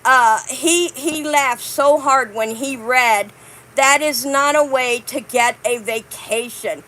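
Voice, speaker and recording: A woman hosting a casual vlog, chatting with her viewers and reading cards aloud in a warm, drawn-out way. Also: sits high, low-quality recording. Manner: warm, reads cards aloud slowly, chatty asides to "guys". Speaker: channel host.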